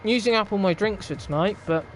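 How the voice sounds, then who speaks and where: A man's voice: sits high, fairly quick, a little hiss or hum. A young man hosting a racing league stream, chatting casually in a wry, rambling way and laughing often. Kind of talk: casual live-stream chat.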